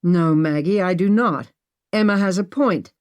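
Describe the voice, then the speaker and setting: A woman's voice: lowish voice, measured pace, a little mellow, smooth, natural voice. A woman narrator voicing a worn-out, impatient man who pleads and snaps. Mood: exasperated. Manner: exasperated, pleading.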